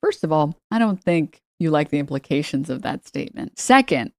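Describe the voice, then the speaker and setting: A woman delivers sarcastic, profane reaction commentary, mocking what she watches. Her voice sits low, and the recording is dry and close with no room sound. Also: very animated, brisk, few pauses, a little mellow, no room sound. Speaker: commentary streamer.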